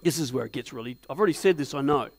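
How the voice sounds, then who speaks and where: A man's voice: medium pitch, racing. A man preaching a sermon as pastor in a church, asking the congregation many rhetorical questions and telling stories with animation. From Australia. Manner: animated storytelling.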